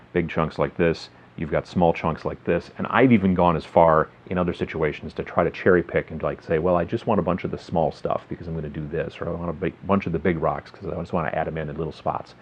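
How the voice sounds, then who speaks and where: A man hosting a casual tabletop hobby tutorial, explaining in a rambling, friendly way full of fillers. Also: deep voice. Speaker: miniature hobby video host. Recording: slightly dull lo-fi sound.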